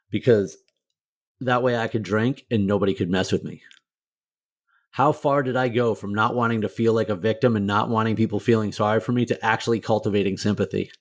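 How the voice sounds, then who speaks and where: A middle-aged man, a motivational speaker, telling his own hard story as an interview guest, candid and emotional, swearing freely and filling with "like". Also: lowish voice. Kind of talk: personal storytelling in a podcast interview.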